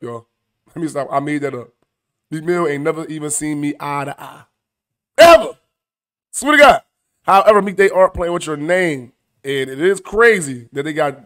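A man hosting a comedic news commentary show, animated, profane and mocking as he reacts to clips. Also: sits high.

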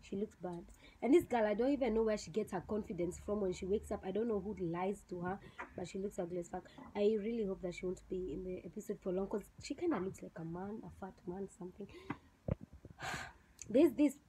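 A woman's voice: mid-range voice, brisk, mellow, a little hiss or hum, rough recording. A young woman with a Kenyan accent giving a blunt, scornful review on her vlog channel, mixing in Swahili slang. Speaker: vlogger reviewing a TV show. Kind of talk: casual opinionated review.

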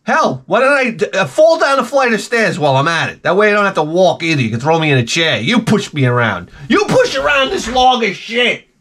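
A man's voice: on the high side, big pitch swings, fast talker, hardly any pauses, a bit bright. Sarcastic New York man ranting. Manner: exasperated and sarcastic, heavy swearing. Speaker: retro game channel host. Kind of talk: profane comic rant.

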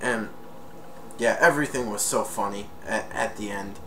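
A man casually retelling a movie plot in a rambling, excitable way for a home video review. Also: lowish voice, normal speed, a little hiss or hum.

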